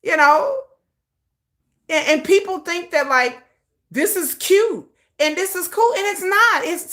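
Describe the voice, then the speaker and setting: Woman, livestream host, profane animated rant, lively swooping delivery. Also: high voice. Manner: animated, profane ranting with dramatic quoted voices. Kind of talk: casual livestream commentary.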